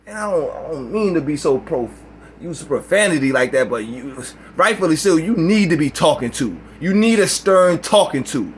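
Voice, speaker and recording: A man's voice: on the high side, expressive, normal speed, a little hiss or hum. A man recording a reaction video, ranting in a heated, profane way. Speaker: YouTuber.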